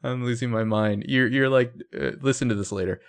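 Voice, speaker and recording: A man's voice: mid-range voice, fairly even intonation, brisk, vocal fry. A man co-hosting a podcast, casually recapping a TV episode and acting out the characters' lines as he goes. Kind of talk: casual chat.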